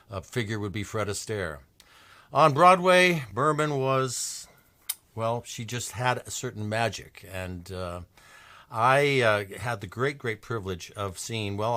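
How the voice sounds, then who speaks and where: A man in his seventies from New Mexico gives an anecdotal music lecture, telling stories with enthusiasm and halting restarts. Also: on the low side, fairly bright tone. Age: 70s. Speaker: lecturer and pianist-singer.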